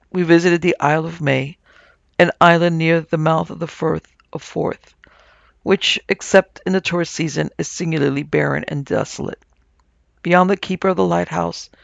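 A man narrating a ghost story for an audiobook in a measured, even-toned way. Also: on the high side, creaky, dry recording, muffled recording. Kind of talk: scripted narration.

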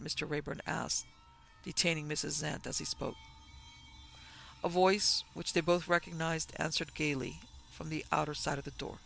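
A man narrating a classic novel as an audiobook in an even, formal storytelling manner. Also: fairly high pitch, moderate pace, creaky.

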